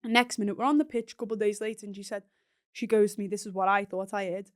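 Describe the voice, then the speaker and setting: A woman's voice: medium pitch, steady tone, rapid-fire. A young woman with an English accent, a podcast guest who chats casually and tells stories, acting out the dialogue she quotes. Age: young adult. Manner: storytelling, often acts out quoted dialogue. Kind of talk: casual chat.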